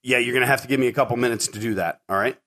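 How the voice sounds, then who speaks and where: A middle-aged man rambles through anecdotes on his own podcast, peppering his talk with fillers and repeated words. His pitch is medium, his tone fairly bright, and his pace very quick.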